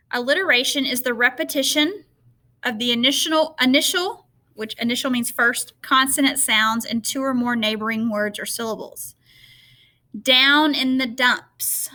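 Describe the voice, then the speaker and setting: A woman teacher giving a remote lesson to students, explaining slowly and patiently and checking in with frequent okays. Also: high-pitched, pushed and bright.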